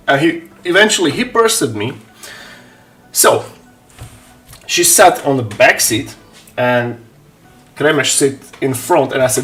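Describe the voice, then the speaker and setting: A man telling a story on a live stream, animated, swearing and laughing often. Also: medium pitch, measured pace, pauses often, soft background music. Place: home hobby room.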